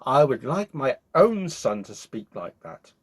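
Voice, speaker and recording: A man's voice: mid-range voice, very animated, unhurried, breathy edge. A man voicing a greedy, scheming old witch woman who cackles and wheedles as he reads a storybook aloud.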